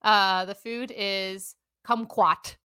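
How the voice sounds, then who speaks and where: A woman's voice: mid-range voice, fairly even intonation, slow, bright, forceful tone, smooth, no room sound, clean studio sound. A woman co-hosting a casual podcast chat, giggly and emotional, sometimes putting on a game-show announcer voice. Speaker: podcast co-host.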